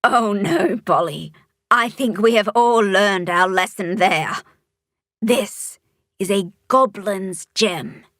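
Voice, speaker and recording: A woman's voice: slow pace, fairly bright tone, dry recording, clean studio sound. Carmen, growly monster mayor, voiced by a woman. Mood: gentle, solemn. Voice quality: low, growly. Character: low growly female monster mayor, kindly.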